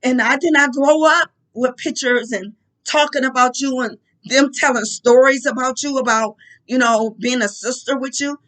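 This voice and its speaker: Soft-spoken woman with a fairly high voice. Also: low-quality recording. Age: adult. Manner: halting, soft-spoken, with frequent pauses and restarts; emotional and heartfelt. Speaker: vlogger. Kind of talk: personal reflective monologue.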